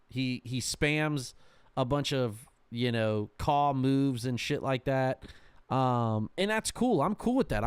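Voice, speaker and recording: A man's voice: medium pitch, clean tone, dry recording. A man hosting a podcast in casual chat, blunt and swearing freely, often trailing off with ums. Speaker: podcast host.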